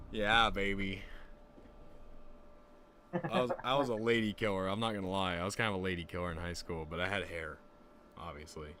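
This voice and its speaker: Young male streamer, lowish voice, profane rambling storyteller, faint noise behind. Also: fast. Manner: rambling, profane, animated quoting. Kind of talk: casual storytelling chat.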